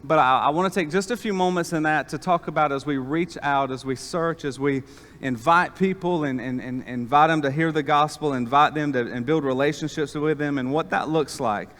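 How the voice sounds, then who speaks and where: A pastor giving a sermon in a church, telling stories in a folksy way with lots of fillers. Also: male voice, fairly high pitch, brisk, fairly bright tone. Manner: folksy storytelling with many fillers. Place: church sanctuary. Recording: long reverb of a church hall.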